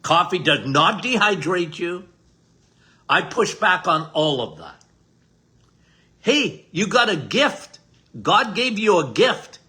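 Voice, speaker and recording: An older man with a bright, sharp, high-set voice that swoops up and down as he talks. He hosts a podcast as a doctor and drives home his points in an emphatic, folksy way, circling back and repeating himself. He takes his time between phrases. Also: very animated, slow, pauses often. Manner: emphatic, repetitive, folksy preacher-like delivery. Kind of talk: casual health talk monologue.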